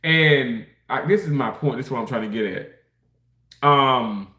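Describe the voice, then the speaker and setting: A man's voice: mid-range voice, normal speed, pushed and bright, reverberant. A man from Mississippi, chatting casually on a livestream, rambling, laughing and reading comments while he eats. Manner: rambling, laughs often, reads out chat comments. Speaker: livestream host reading chat.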